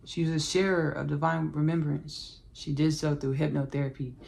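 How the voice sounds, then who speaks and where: A woman hosting a spiritual podcast, channeling and recounting spirit messages in an effusive, repetitive way with soft murmured thanks. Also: deep voice, little pitch movement, moderate pace, creaky.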